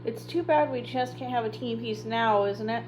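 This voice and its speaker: A woman voicing a cheerful, eager young woman friend who speaks brightly. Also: fairly high pitch, moderate pace, a little hiss or hum, natural voice, poor audio. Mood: happy.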